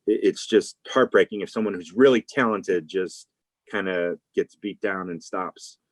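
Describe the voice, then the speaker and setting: A man with a fairly low voice talks casually as an interview guest. He rambles through his answers with fillers and restarts. The sound is dry and close. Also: measured pace, dry recording, rough recording.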